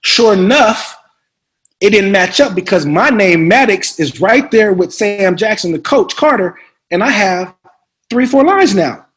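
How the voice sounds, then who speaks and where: A man in a relaxed interview, spinning animated on-set stories in casual slang. His voice sits slightly high for a man. He chuckles often and jumps into other people's voices when he quotes them. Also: a little slow. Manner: animated anecdote-telling, slangy and laughing; mimics others with sharp pitch jumps. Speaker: actor guest.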